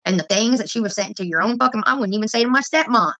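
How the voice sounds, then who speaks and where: A woman's voice: mid-range voice, quick pace, fairly bright tone, no room sound. A woman vlogger telling heated, profane stories in casual livestream chat, with dull lo-fi audio.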